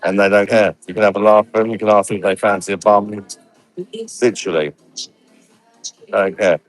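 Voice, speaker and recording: English guy, kinda low voice, blunt and sweary, chatting to his camera on holiday, bit of music faint behind. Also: flat delivery, a little fast. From England. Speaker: vlogger. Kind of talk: casual vlog chat. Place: holiday resort abroad.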